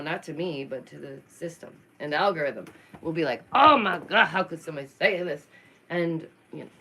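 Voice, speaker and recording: A woman hosting a casual live-stream commentary, expressive and sassy, laughing often. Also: low voice, slight background noise, low-quality recording. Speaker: YouTube commentary host.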